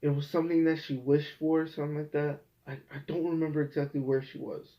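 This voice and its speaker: A man's voice: fairly high pitch, flat delivery, fast. A young man hosting a casual review show, ranting in an exasperated, profane way. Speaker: host. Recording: dull lo-fi home recording.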